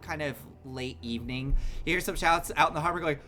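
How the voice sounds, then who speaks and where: An animated game master narrating a tabletop session, with a bright, forceful voice. The talk runs along with frequent fillers and quick laughs. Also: medium pitch.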